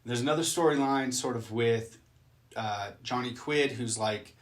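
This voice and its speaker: A man's voice: medium pitch, measured pace, a crowd in the background. A man recapping a movie he just watched and reacting to it in casual chat, loose and rambling, with plenty of swearing.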